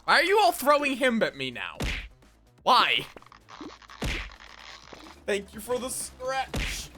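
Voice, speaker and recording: Slow and medium in pitch, this voice swings hugely up and down as the streamer talks with viewers during a gaming session. The chat is casual and rambling, with frequent self-interruptions mid-thought.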